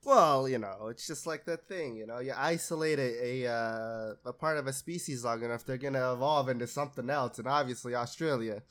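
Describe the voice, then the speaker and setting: A man's voice: medium pitch, brisk, hardly any pauses, fairly bright tone. A man co-hosting a podcast in casual chat, sarcastic, swearing freely and laughing often. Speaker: podcast co-host.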